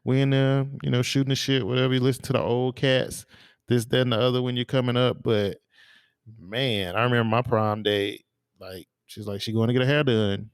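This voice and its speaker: This podcast co-host speaks a little fast in a medium pitch, with fairly even intonation and a clean tone. He chats casually, wandering through stories with plenty of fillers and false starts. It's clean studio audio with no room sound.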